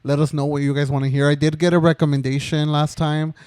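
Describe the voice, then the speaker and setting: A man's voice: fairly high pitch, little pitch movement, quick pace, darkish tone, clear, resonant tone, no room sound. A young man co-hosting a casual podcast, telling a story in a rambling way full of "like" and "um". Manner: rambling, lots of "like" and "um". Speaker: podcast co-host.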